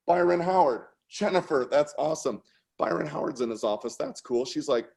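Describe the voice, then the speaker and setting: A man telling a story with mounting excitement, his voice jumping up into shouts and laughs. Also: on the high side, gravelly, slightly rough. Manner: animated, fast-building, breaks into shouts and laughter. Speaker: artist guest. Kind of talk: excited storytelling on a video call.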